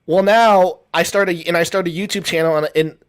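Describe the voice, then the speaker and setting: A man with a slightly raised voice argues his point in a loose, rambling way. He stumbles through restarts and repeats himself, then presses on, animated and insistent. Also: high-pitched, brisk, clear, resonant tone. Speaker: guest. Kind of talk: heated casual debate.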